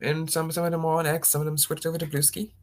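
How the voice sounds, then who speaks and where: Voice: mid-range voice, level tone, fast talker. Rambling casual political commentator. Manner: rambling, with many restarts and mocking impressions of opponents.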